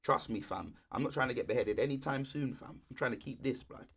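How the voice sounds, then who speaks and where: A young man, co-hosting a podcast in relaxed chat full of street slang. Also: medium pitch, fairly quick, creaky, husky. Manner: laid-back, heavy street slang. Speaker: podcast co-host. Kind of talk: casual chat.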